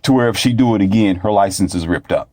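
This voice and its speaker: A man's voice: lowish voice, fast talker, a little mellow, dry recording. A man telling a story in a blunt, preachy monologue that repeats itself. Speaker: vlogger.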